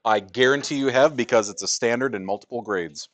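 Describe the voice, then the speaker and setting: A man's voice: medium pitch, fairly quick, fairly bright tone. A male math teacher teaching a class in a classroom, joking with students and asking rhetorical questions.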